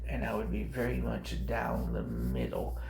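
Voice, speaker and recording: A man's voice: fairly low pitch, very animated, unhurried, creaky, darkish tone, roomy sound, a little hiss or hum, poor audio. A man vlogging in casual commentary, rambling and cutting himself off, sometimes sinking to a near whisper. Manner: rambling, self-interrupting, drops to a near whisper at times.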